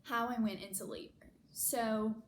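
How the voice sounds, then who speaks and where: A woman's voice: fairly high pitch, a little slow, slight background noise, rough recording. Chatty young woman telling a story. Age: young adult. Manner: chatty, many "like" fillers, animated retelling. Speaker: vlogger. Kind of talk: casual storytime vlog.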